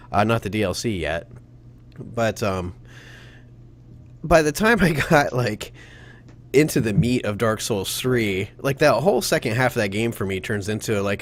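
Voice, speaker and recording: A man hosting a casual gaming podcast who rambles, laughs often and gets animated when he quotes himself. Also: lowish voice. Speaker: podcast host.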